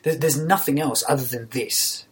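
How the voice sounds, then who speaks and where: A young man, a podcast guest telling his story in an earnest, halting way, often repeating words. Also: medium pitch, a crowd in the background. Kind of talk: casual storytelling.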